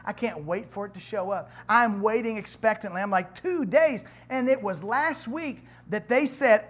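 Animated, joking preacher in a church. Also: medium pitch. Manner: animated, conversational preaching with humor and asides to the congregation; reads scripture aloud with rising emphasis. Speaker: pastor. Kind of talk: sermon.

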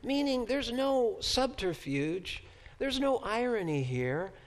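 A man professor giving a Bible lecture to a class, halting and repeating words as he searches for phrasing and asking rhetorical questions. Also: very high-pitched, sing-song.

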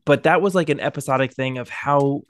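Casual halting man on a podcast. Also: a little high, no room sound, clean studio sound. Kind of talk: casual chat.

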